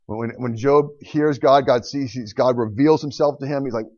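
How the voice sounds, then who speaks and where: A man's voice: medium pitch, moderate pace, few pauses, darkish tone, dry recording. A man preaching a sermon in an impassioned, emphatic way, often repeating words, on a dull, lo-fi recording.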